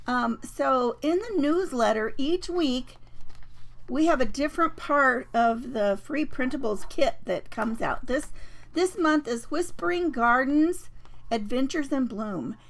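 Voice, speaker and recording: A woman hosting a papercraft live stream, chatting casually and rambling with many fillers and restarts, her voice a bit croaky. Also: high voice, animated, slow. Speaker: host of a papercraft livestream.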